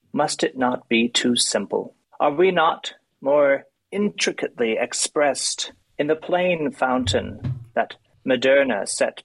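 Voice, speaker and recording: A man's voice: mid-range voice, gravelly, poor audio. A man with a nasal voice who talks about poems with hesitant, thoughtful fillers and then reads one aloud. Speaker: poetry discussion co-host. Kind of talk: casual discussion and poetry reading.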